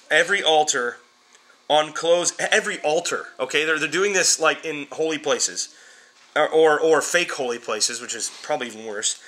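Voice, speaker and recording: A man's voice: fairly high pitch, moderate pace, bright, forceful tone. A man teaching a Bible class, talking to his students informally and repeating words as he drives home each point. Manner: emphatic, repeats words while building points; addresses students informally as guys.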